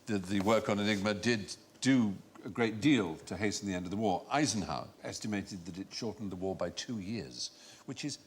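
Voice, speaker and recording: A man's voice: on the low side, fairly quick, a little hiss or hum. A man hosting a panel quiz show, explaining things in a wordy, playfully pompous way. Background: studio audience laughter.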